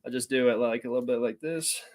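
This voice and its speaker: A man's voice: medium pitch, fast, a little mellow. Casual, rambling male streamer. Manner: offhand, rambling and opinionated. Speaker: livestream host. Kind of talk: casual livestream news commentary.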